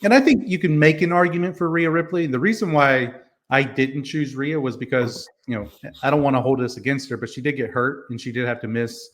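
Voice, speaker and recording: Speaking fairly quickly with few pauses in a mid-range voice, this wrestling podcast co-host earnestly makes the case for his picks in casual conversation. Ums and you-knows fill his talk.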